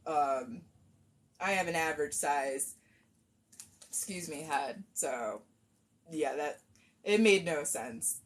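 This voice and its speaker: A woman's voice: fairly low pitch, a bit bright. A woman chatting casually on a cosplay live stream, rambling and self-deprecating while she fixes a wig at home.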